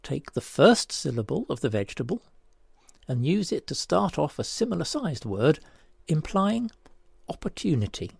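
Guy reading out a syllable puzzle, husky gravelly voice, dry close sound. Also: fairly high pitch, big pitch swings, dry recording. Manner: deliberate, spells out each step. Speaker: puzzle presenter. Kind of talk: scripted word puzzle presentation.

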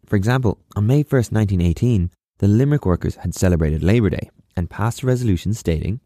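A man's voice: lowish voice, expressive, fast talker, few pauses, dark tone, no echo, studio quality. A man hosting a history podcast, reading a script in a casual, wry way with sarcastic asides. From Ireland.

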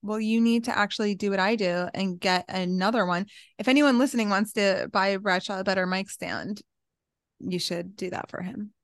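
Calm, laughing woman from New York. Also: medium pitch, no room sound, clean studio sound. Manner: calm, laughing often, quick asides. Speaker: podcast co-host. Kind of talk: casual chat. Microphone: headphones and mic at home.

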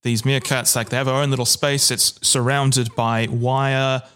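Guy cohost telling a story, rambly, jokes about himself, restarts a lot, middle pitched voice. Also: level tone, a little slow, a bit bright, smooth. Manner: rambling and self-deprecating, with many restarts. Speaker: podcast co-host. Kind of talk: casual storytelling chat.

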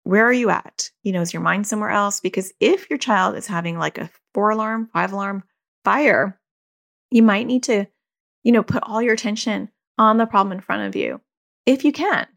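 A parent who hosts a podcast talks candidly and reflectively about parenting, keeping it loose and conversational and saying "like" a lot. Her medium-pitched voice is creaky and fairly bright, at a moderate pace.

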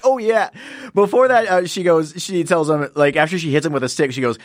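A man's voice: fairly high pitch, a little fast, no echo, clean studio sound. A man co-hosting a podcast, chiming in with wry jokes and short agreements while a show is recapped. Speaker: podcast co-host. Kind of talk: casual chat recapping a show.

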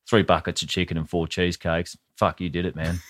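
A man's voice: sits low, level tone, a little fast, a bit bright. A man with an Australian accent, telling a grim story with sweary, wry asides in a casual podcast chat. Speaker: podcast co-host.

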